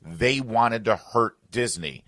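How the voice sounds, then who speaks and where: A man's voice: fairly low pitch, animated, slow, fairly bright tone, no room sound, studio quality. A man hosting a political talk radio show, arguing emphatically with rhetorical questions. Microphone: studio microphone.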